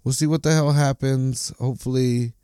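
A man's voice: mid-range voice, fairly even intonation, normal speed, mellow, clear, resonant tone, no room sound, clean studio sound. A man hosting a solo sports podcast, ranting bluntly and swearing constantly. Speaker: podcast host.

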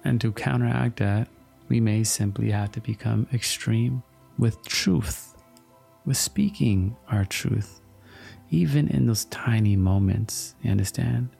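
Slow, gravelly man giving a motivational talk. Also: on the low side, mellow, faint music behind. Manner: earnest, repetitive, slow-paced, asks "you understand?".

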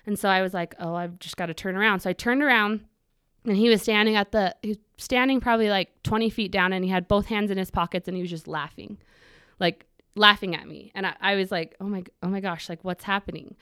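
A woman's voice: medium pitch, fast, a bit bright, smooth, dry recording. Woman telling a vivid personal story. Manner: vivid storytelling that acts out her own quoted thoughts; earnest with flashes of humor. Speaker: podcast guest. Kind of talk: personal story told in an interview.

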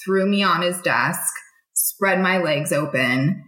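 A woman's voice: lowish voice, slow pace, pushed and bright. A young adult woman, a military veteran, telling her own story in a frank, conversational way with many fillers. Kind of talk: candid personal storytelling. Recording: echoey room.

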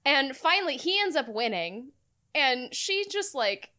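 Bright, high-voiced woman retelling a story with lots of laughs and swearing. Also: unhurried. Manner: animated, laughing storyteller who swears freely. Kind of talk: casual chat, retelling a book's plot.

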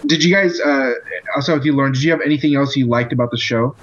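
A man hosting a casual chat podcast, halting and filled with pauses as he talks. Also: medium pitch, muffled recording. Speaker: podcast host. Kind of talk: casual chat about TV episodes.

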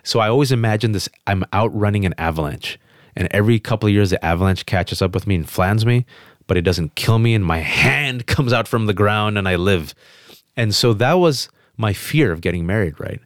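A man as an interview guest, telling a personal story with emphatic, quick restarts. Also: lowish voice, no room sound, clean studio sound. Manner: emphatic, fast restarts, animated quotes. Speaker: guest on a podcast.

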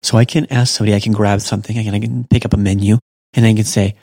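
A man hosting a podcast language lesson, explaining points in a relaxed, casual way. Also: lowish voice, racing, no echo, studio quality. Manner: relaxed, explanatory, talks through examples. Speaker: language teacher and podcast host.

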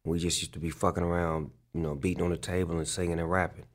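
This rapper's low voice holds a level tone as he talks fast through casual interview stories. He's loose and profane, stuffing in fillers and saying "like" again and again.

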